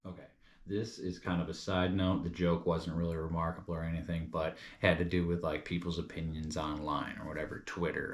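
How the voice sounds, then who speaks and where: A man's voice: low-pitched, little pitch movement, fairly quick, a bit bright. A young man from New York chatting casually as a comedy reviewer, rambling and loose, calling people bro and dude.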